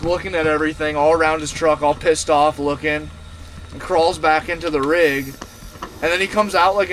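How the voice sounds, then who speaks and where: A man's voice: a little high, a little hiss or hum. Profane rambling man telling a story. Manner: profane, animated, rambling with many fillers. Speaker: streamer. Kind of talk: casual storytelling to a live chat. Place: inside his camper van.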